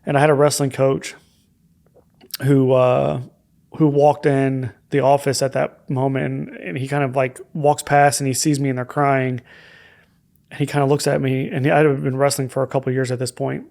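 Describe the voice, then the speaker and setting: Flat, gravelly-voiced man telling his story. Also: medium pitch, normal speed. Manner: candid and reflective, with hesitant fillers. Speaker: podcast guest. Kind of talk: personal story in a podcast conversation.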